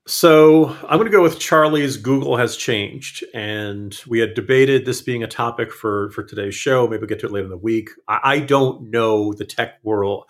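A man's voice: medium pitch, moderate pace, hardly any pauses. Man, panelist, casual chat, rambling, self-correcting. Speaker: podcast panelist.

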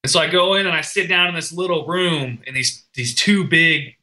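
Earnest man with a very bright voice. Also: fairly high pitch, moderate pace, poor audio. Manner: earnest, emotional storytelling with restarts. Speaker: guest, firefighter. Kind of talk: personal story in a podcast conversation.

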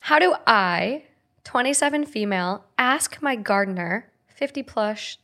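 A woman's voice: fairly high pitch, expressive, a little slow, sharp tone. A young woman hosting a casual podcast, reading listener posts aloud and reacting expressively. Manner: laughs easily, reacts expressively. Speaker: podcast host.

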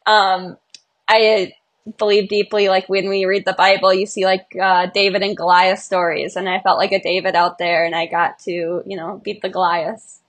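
A woman's voice: medium pitch, flat delivery, normal speed. A young woman, a marathon runner, speaking as a podcast guest in an earnest, emotional, bubbly way. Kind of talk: podcast interview.

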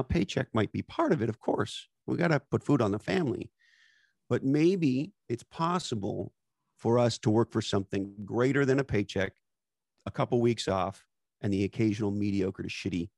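A man's voice: lowish voice, gravelly, darkish tone, dry recording, clean studio sound. A man hosting a podcast conversation, talking emphatically and bluntly with casual swearing and catchphrases. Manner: emphatic, profane, uses catchphrases. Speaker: podcast host.

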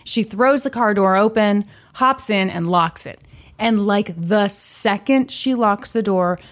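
A woman's voice: medium pitch, measured pace. A woman hosting a podcast, telling a creepy true story in casual chat and acting out the voices of the people in it. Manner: animated storyteller, acts out quoted voices. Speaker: podcast host.

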